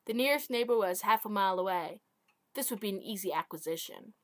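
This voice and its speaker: A woman's voice: mid-range voice, fairly bright tone, no echo. A woman reading her own short story aloud, stumbling over words and correcting herself. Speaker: amateur author.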